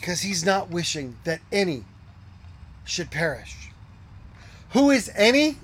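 Male pastor, high voice, earnest sermon delivery, hushes for emphasis. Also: big pitch swings, slow, slightly rough. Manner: earnest preaching with rhetorical questions, drops to hushed tones.

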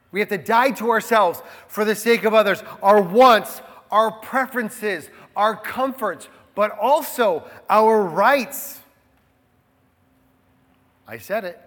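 Man preaching slowly in an echoing hall. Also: sits high, a bit bright. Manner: earnest, repeats key phrases for emphasis. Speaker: pastor. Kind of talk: sermon.

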